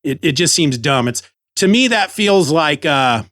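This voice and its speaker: A man's voice: a little high, lively intonation, a little slow, a bit bright, dry recording. A man hosting a comic book podcast, chatty and enthusiastic, on a close microphone. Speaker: podcast host.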